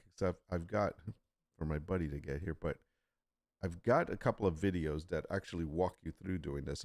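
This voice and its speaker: A man hosting a casual live stream, talking in a rambling, animated way with frequent restarts and asides. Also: low-pitched, no room sound, studio quality. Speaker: live stream host, print-on-demand seller.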